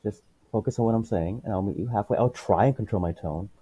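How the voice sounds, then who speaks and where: A man's voice: fairly low pitch, quick pace, warm tone, slightly rough, dull audio. A man, a teacher and podcast guest, speaking in a blunt, matter-of-fact way in a casual interview.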